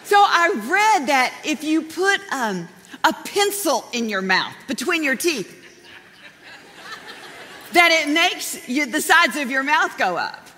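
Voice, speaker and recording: A woman delivers a sermon with a high, bright voice and a lively, conversational manner. She laughs easily as she preaches. A long reverb hangs on her voice, as in a large church hall. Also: takes it slowly, slight background noise. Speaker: pastor.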